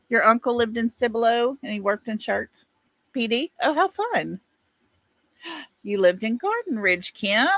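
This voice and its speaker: With a fairly high-pitched voice that sounds pushed and bright, a middle-aged East Texas woman hosts a livestream with no echo. She reads viewer comments and chats with them in a folksy, casual way, laughing often.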